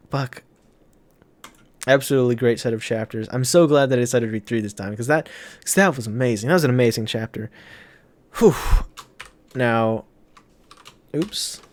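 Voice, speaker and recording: A young man in casual reaction commentary, excitable and swearing a lot, with many fillers. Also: medium pitch. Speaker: manga reaction host.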